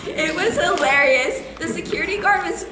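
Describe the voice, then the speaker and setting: A student actress plays a giddy, cheerfully unhinged young woman with an imaginary celebrity friend in a comic stage monologue, her high voice sharp-toned at normal speed. She sounds gleeful and manic, gushing and giggling and breezy about violence. The noisy recording has roomy echo and a faint crowd, as in a school stage or hall.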